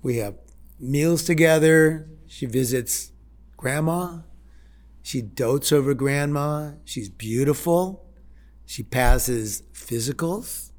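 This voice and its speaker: A man in his sixties sharing a heartfelt personal story in a halting way, with repeated words and restarts. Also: mid-range voice, darkish tone. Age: 60s. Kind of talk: personal testimony talk.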